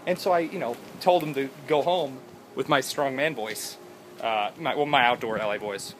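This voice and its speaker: A man's voice: mid-range voice, moderate pace, fairly bright tone, a little hiss or hum, rough recording. A young man vlogging outdoors by his house, rambling and joking in a goofy way. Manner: goofy, jokey, jumps between topics and silly voices. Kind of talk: rambling casual vlog.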